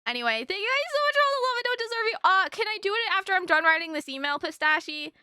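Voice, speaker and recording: Give me a young woman streamer with a sharp, bright voice, gushing thanks in casual live-stream chat. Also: very high-pitched, big pitch swings, very fast, dry recording, clean studio sound. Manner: effusive, gushing thanks to viewers.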